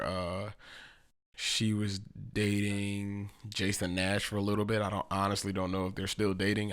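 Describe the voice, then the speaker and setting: Brief: male solo podcast host with a low, gravelly voice and a loose, profane style. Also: fairly bright tone. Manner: laid-back, profane, laughs often. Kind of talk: casual solo podcast chat.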